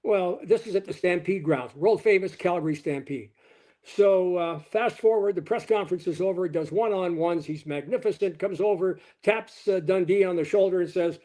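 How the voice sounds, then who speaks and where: Older male guest, high-pitched, animated storyteller. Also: normal speed. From Canada. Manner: animated anecdote teller, quoting people in his stories. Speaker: sportscaster guest. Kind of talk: storytelling in an interview.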